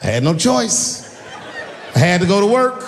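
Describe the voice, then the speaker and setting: A middle-aged man's high-pitched, gravelly voice carries a stand-up set of animated stories and acted-out voices at a moderate pace. He performs in a large venue before a live audience, recorded with long hall reverb and a little hiss or hum.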